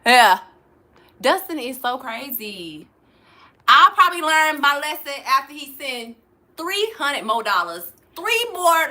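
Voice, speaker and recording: A woman, hosting a livestream, reading out chat comments and loudly mocking trolls, cursing freely. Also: sits high. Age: 40s. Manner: loud, profane and mocking, calling out trolls. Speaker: livestream host.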